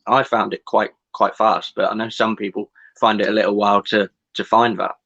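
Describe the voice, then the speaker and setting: A man co-hosts a podcast, talking in a hesitant way with restarts. His voice is low yet bright. The sound is a little muffled and lo-fi. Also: little pitch movement, fairly quick, gravelly. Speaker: podcast co-host. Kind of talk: casual podcast chat.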